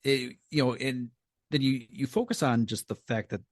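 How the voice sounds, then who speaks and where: A man's voice: mid-range voice, normal speed, no room sound, studio quality. A man co-hosting a podcast in casual chat, hesitant with many ums and stammered starts. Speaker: podcast co-host.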